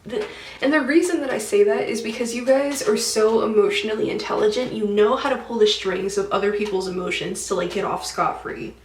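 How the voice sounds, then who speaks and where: This young woman, a beauty vlogger, talks in a chatty, slang-filled way full of "like" about her dreams while doing her makeup at home. Her mid-range voice moves fairly quickly and sounds somewhat off-mic and distant in an echoey room, with a little hiss or hum.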